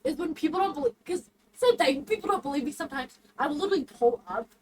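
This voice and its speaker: High, chatty young woman. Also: fast talker. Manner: chatty, animated, laughs a lot. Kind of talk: casual chat.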